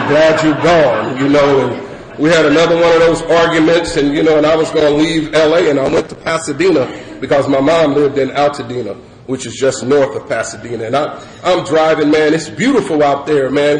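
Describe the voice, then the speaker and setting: A middle-aged man sharing his personal recovery story at a meeting, animated and laughing, with lots of "you know" fillers. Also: a little high. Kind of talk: personal testimony share. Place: meeting hall with audience. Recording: echoey hall with crowd noise. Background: audience murmur and ambience.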